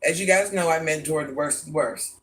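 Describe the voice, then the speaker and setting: An older woman with a deep, gravelly voice, chatting bluntly with her live-stream viewers from a room in her home and calling them baby and hon. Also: fairly quick, a bit bright, slight background noise. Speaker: vlogger reading live chat. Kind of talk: casual live-stream chat.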